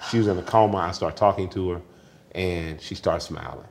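A man, a guest telling family stories candidly, swinging between laughter and quiet grief. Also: sits low, fairly quick, gravelly, a little hiss or hum. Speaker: interview guest. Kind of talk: candid conversational storytelling.

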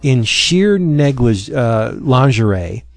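A man's voice: medium pitch, slow pace, vocal fry, dry recording. A man casually chatting as a podcast host, retelling a comic with many fillers and acting out its lines. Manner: animated storyteller, acts out lines with many fillers. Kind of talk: casual chat.

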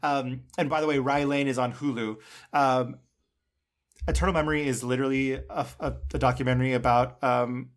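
We hear a man in his natural middle pitch, talking casually on a film podcast. He gushes about movies and packs his sentences with "um" and "like". He speaks as a regular co-host of the show. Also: fairly even intonation, brisk. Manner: effusive, gushing, heavy on filler words. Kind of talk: casual film review chat.

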